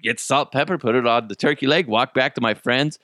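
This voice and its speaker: A man's voice: medium pitch, fairly quick, fairly bright tone, no room sound, studio quality. A man hosting a podcast, telling stories in a casual, profane way and laughing often. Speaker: podcast host. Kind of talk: casual storytelling.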